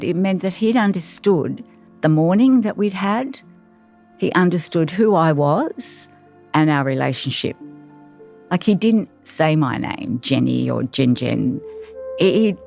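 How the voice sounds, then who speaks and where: A woman, a carer, telling her personal story in an interview, reflective and halting with many pauses. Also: fairly low pitch, a little mellow.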